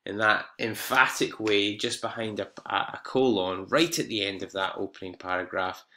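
A man's voice: on the low side, moderate pace, pushed and bright. A man teaching an exam-prep English lesson, explaining step by step with fillers and self-corrections.

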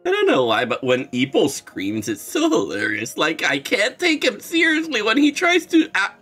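A man's voice: high-pitched, huge pitch swings, normal speed, bright, forceful tone, breathy edge, soft background music. A young man streaming a game readthrough, chatting casually with a sarcastic, jokey manner and some swearing. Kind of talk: casual gaming commentary.

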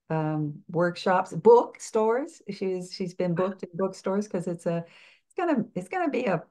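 An older woman speaking coach answering interview questions in a reflective, halting way, with frequent restarts. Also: on the low side, darkish tone.

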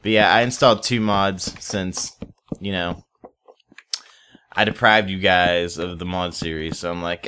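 A man's voice: sits low, unhurried, bright, forceful tone, a little hiss or hum. A young man casually commenting while playing a modded block game, rambling, swearing offhand and chatting to viewers and in-game animals. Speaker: Let's Play host.

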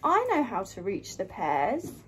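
An eager picture-book hare with a bouncy, lively voice that swoops up and down, as a woman reading aloud puts it on. The delivery is slow and a little breathy. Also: mid-range voice, heavily acted. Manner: lively, emphatic read-aloud voice. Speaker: storytime reader.

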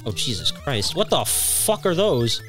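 A young man playing a video game and chatting casually, relaxed, explaining game mechanics with casual swearing. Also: fairly high pitch, unhurried. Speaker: player in a let's play. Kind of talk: casual gaming chat. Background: faint game music.

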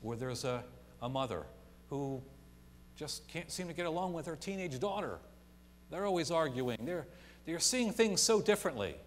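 A pastor delivering a sermon, swinging from quiet to loud and emphatic and acting out imagined people. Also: male voice, on the high side, expressive, normal speed. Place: church sanctuary. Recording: long church reverb, faint hum.

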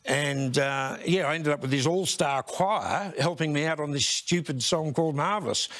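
A man, a comedian telling a casual anecdote with animated voices. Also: a little high, moderate pace. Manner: animated storyteller, does voices, laughs.

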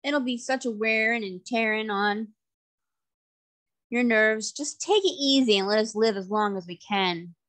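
A woman's voice: fairly high pitch, unhurried, fairly bright tone. A woman reading aloud, voicing a plain-spoken old sailor with folksy homespun talk. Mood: easygoing.

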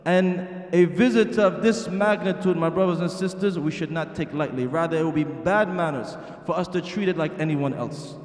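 A man's voice: fairly high pitch, moderate pace, few pauses. A middle-aged man preaching a sermon in a masjid hall, earnest and asking the audience rhetorical questions. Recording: echoey hall.

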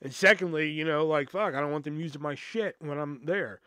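A man telling stories on his podcast in a loose, profane, laid-back way, laughing as he goes. His voice sits somewhat high for a man, and the recording is dry and close with no room sound. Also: a little fast, pushed and bright, dry recording. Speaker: podcast host. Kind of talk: casual storytelling.

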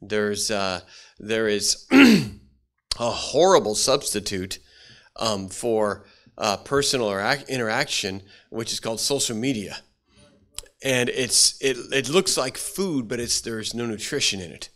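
A middle-aged male pastor giving a folksy sermon, stopping and restarting often and clearing his throat now and then. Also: on the low side, expressive, fairly bright tone. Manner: folksy, halting delivery with many restarts and fillers.

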